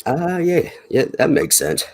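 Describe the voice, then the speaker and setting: A man's voice: on the high side, huge pitch swings, measured pace. A middle-aged man, chatting casually in a rambling, folksy way and chuckling between remarks. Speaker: chat participant. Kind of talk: casual chat.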